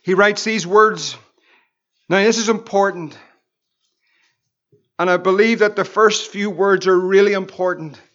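High-voiced Northern Irish pastor preaching. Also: male voice, fairly even intonation, fairly bright tone, muffled recording. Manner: fervent preaching, rising exclamations and slow emphatic repetitions. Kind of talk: Bible study sermon.

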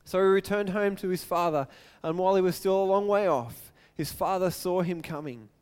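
High-voiced man preaching a sermon. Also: normal speed, darkish tone, smooth. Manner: earnest, storytelling with acted quotes. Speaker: pastor.

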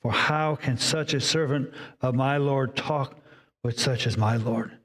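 A man's voice: mid-range voice, a bit bright. Man preaching in a reverberant hall. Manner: preaching with dramatic pauses, voicing inner dialogue. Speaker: pastor. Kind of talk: sermon.

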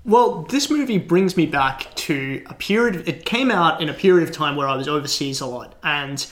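A man's voice: a little high, expressive, moderate pace, fairly bright tone. Man from Australia telling rambling stories. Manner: rambling storyteller with many fillers and restarts. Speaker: podcast co-host. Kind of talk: casual podcast chat.

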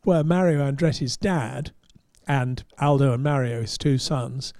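A man, a podcast host and motoring journalist, telling an anecdote in an animated way and chuckling at his own punchlines. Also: mid-range voice, a little slow, no room sound, clean studio sound. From England. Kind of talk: anecdotal storytelling.

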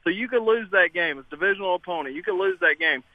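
Caller, male, insistent and confident; thin phone-line sound, slightly high voice. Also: animated, fast talker, dry recording. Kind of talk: call-in radio talk.

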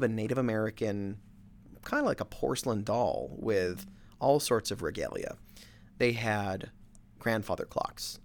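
A middle-aged man, a real estate agent, telling a story in a casual, animated, self-mocking way. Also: on the low side, gravelly. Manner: animated, self-mocking, with many fillers and restarts.

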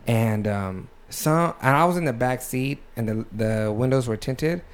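A man's voice: mid-range voice, animated, unhurried, clean tone. A man hosting a podcast in a studio, chatting casually, swearing and laughing often. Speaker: podcast host. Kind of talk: casual chat.

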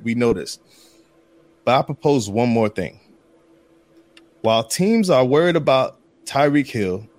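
A man's voice: mid-range voice, no room sound. A man hosting a sports podcast, building an argument emphatically and repeating his points for effect. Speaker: podcast host. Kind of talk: casual sports podcast chat.

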